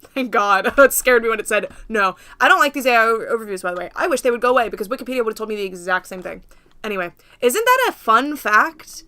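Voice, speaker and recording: A woman's voice: fairly high pitch, animated, quick pace, bright, forceful tone, no room sound. A young woman from the United States hosting a casual livestream, rambling and laughing often as she talks to viewers. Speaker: livestream host.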